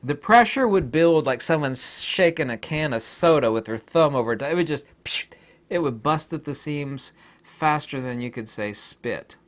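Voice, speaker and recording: A man's voice: a little high, animated, normal speed. A man hosting his own channel, talking in a rambling casual monologue, often laughing and acting out imagined exchanges. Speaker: YouTube channel host.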